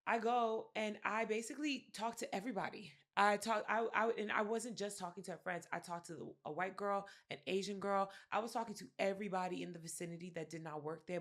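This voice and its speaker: Podcast co-host, woman, lively storyteller who plays every quote out loud. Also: fairly low pitch. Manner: animated storyteller, acts out quotes, swears freely. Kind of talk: casual chat, storytelling.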